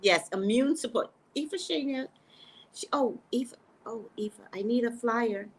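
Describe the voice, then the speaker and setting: A woman hosting a casual psychic livestream, talking straight to her viewers in an animated way and laughing often, on a webcam mic at home. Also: on the high side, measured pace, breathy edge.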